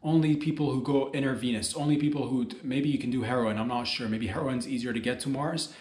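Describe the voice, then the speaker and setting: A man's voice: mid-range voice, steady tone, quick pace, a little mellow, roomy sound. A man hosting a solo comedy podcast, rambling and joking as he talks straight to his listeners.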